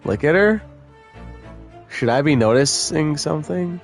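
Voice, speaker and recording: A man's voice: on the high side, lively intonation, unhurried, faint music behind. A man streaming a video game, reading its dialogue aloud and joking with his chat in casual commentary. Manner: joking, laughs often, mixes read lines with chat banter. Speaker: let's-play streamer.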